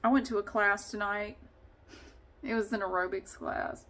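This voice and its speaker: A woman's voice: medium pitch, steady tone, normal speed, fairly bright tone. A woman vlogger chatting casually and rambling, often laughing as she talks. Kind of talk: casual vlog chat.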